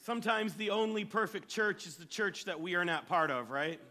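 Male pastor, high bright voice, emphatic sermon delivery. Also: moderate pace. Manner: emphatic storytelling preacher.

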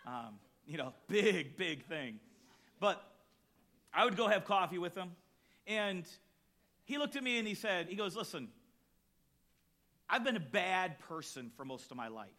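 High bright-voiced male preacher. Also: lively intonation, measured pace, pauses often. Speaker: pastor. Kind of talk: sermon with personal story.

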